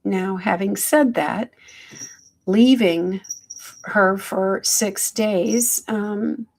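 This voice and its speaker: Slow, gentle woman on a livestream. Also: mid-range voice. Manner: slow, gentle, affectionate, greets viewers by name. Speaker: hypnotherapist livestream host. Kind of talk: casual live-stream check-in.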